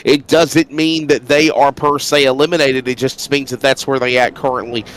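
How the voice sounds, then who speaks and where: A man's voice: medium pitch, normal speed. A man calling a sim race as play-by-play commentator, sounding stuffy while recovering from illness. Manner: energetic, builds to loud race-start calls.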